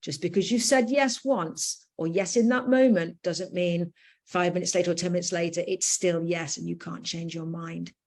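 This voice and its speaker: A British woman gives a lecture in a firm, emphatic manner, stressing key points and dropping in fillers. Her voice sits somewhat low. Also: steady tone, normal speed, a little mellow. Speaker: educator giving a talk.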